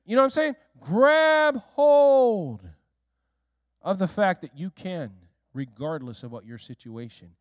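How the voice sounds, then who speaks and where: A male pastor delivers a sermon in a high voice with sweeping swings of pitch. He keeps checking in with the congregation and asking them questions. The sound is dry and close, with little room echo. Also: animated, takes it slowly. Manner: speaks directly to listeners in the room.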